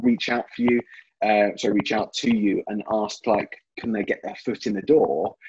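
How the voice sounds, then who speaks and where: A man's voice: lowish voice, darkish tone, breathy edge, highs cut off. A British man, a fitness writer, chatting as a podcast guest over a remote call, often repeating words as he thinks. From Britain. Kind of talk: casual interview chat.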